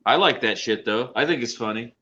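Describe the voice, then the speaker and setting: A man with an American Southern accent co-hosts a casual podcast, his mid-range voice fairly quick and sharp. He swears freely and rambles with restarts while busy with a hands-on task. The recording sounds dull and lo-fi with faint noise.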